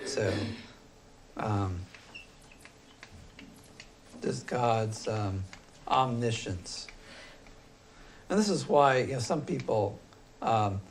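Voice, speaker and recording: A man teaching a philosophy class, talking loosely and thinking aloud with frequent pauses and fillers. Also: on the low side, darkish tone, slight background noise. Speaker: philosophy instructor. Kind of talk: classroom lecture.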